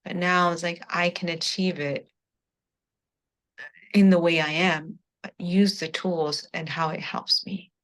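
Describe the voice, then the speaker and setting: A woman's voice: fairly low pitch, steady tone, measured pace, fairly bright tone. A woman giving an earnest, spiritual testimonial in an interview, close to tears and often repeating "I was like.". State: emotional, near tears. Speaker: coaching client giving a testimonial.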